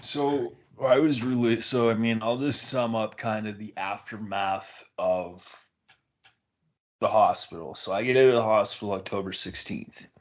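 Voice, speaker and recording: A man's voice: on the low side, unhurried. Man telling a story casually. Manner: animated, acts out quoted dialogue. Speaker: podcast guest.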